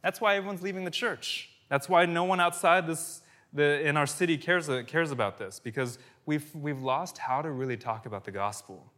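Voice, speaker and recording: Conversational preaching man, swings loud to soft. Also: fairly high pitch, normal speed, hardly any pauses. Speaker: pastor. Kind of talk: sermon.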